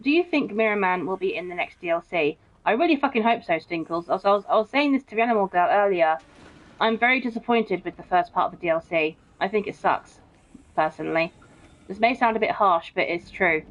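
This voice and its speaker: Animated and brisk, with a mid-range voice, a young woman chats through her game stream and reads viewer comments aloud. Her manner is blunt and chatty, heavy on swearing and "bro." The stream sound is dull and muffled.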